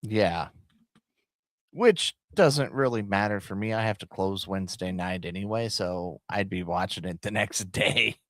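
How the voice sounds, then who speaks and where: Cohost guy on a wrestling podcast, lowish voice, short chill replies, dry mic. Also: measured pace, a bit bright, no room sound. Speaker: podcast co-host. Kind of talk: casual wrestling podcast chat.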